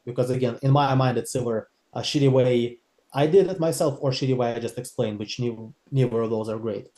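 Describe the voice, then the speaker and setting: A man's voice: medium pitch, fairly quick, mellow. Hesitant male sales trainee, echoey room. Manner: hesitant, thinking aloud.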